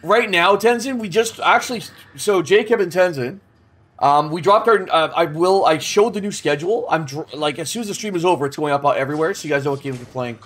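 A man's voice: fairly high pitch, brisk, fairly bright tone. A man in his thirties streaming a game, chatting casually with chat and swearing as he plays. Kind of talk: casual gameplay commentary.

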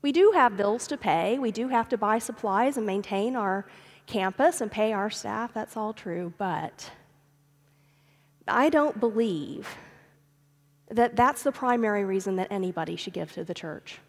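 A woman's voice: medium pitch, measured pace. Woman preaching in a reverberant sanctuary. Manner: storytelling, addresses the congregation as friends. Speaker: pastor. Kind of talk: sermon. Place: church sanctuary. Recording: long hall reverb of a sanctuary.

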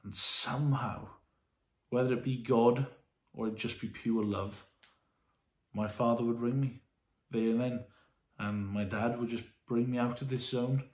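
A man vlogging candidly to camera from a warm room at home, earnest and halting, his voice full of feeling. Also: mid-range voice, fairly even intonation, echoey room.

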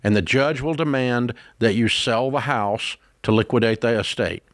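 Male call-in host, blunt and folksy, plain mid pitch, dry close studio sound. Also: moderate pace, no room sound. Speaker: radio show host giving financial advice. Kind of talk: call-in advice show.

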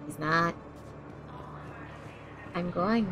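A woman's voice: fairly low pitch, extremely slow, fairly bright tone, soft background music. A woman giving let's play commentary into a desk microphone, chatty, jokey and often swearing. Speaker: gaming streamer.

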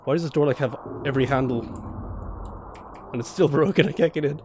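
A man's voice: fairly high pitch, fairly quick, darkish tone, a little hiss or hum. A young man playing a horror game blind, jumpy and swearing, laughing nervously as he talks through the scares. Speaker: let's play host.

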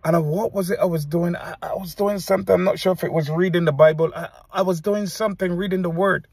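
A preacher speaks to the camera in a somewhat high, husky man's voice. He talks earnestly, breaking off and restarting his sentences as he describes what he saw. The sound is dry and close. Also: fairly even intonation, a little mellow, dry recording. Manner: earnest, halting, recounts visions with many restarts. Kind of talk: testimony to camera.

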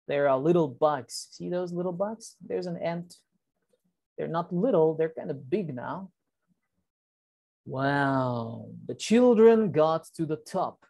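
A woman's voice: on the low side, unhurried, warm tone. A woman reading a picture book aloud to young children, chatty and stopping to point out the pictures. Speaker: reading teacher.

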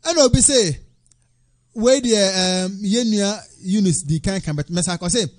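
A man presenting an Islamic talk show, preaching with animation and sometimes shouting. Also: high voice, unhurried.

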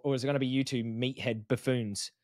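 A man's voice: medium pitch, steady tone, a little fast, a little mellow, no room sound, studio quality. A man giving casual reaction commentary as a vegan activist, blunt and mocking, often calling people "mate".

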